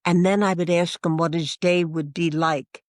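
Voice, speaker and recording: A woman's voice: lowish voice, moderate pace, no echo. Earnest storytelling woman, dry close sound. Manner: lively, acts out remembered dialogue; earnest, heartfelt. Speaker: religious sister sharing her story as a guest. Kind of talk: conversational storytelling.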